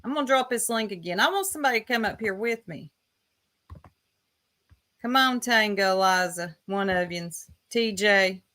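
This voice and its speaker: A woman's voice: mid-range voice, normal speed, bright, forceful tone. A woman with a Southern US accent hosting a casual livestream, chatting and teasing while greeting viewers by name. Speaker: livestream host.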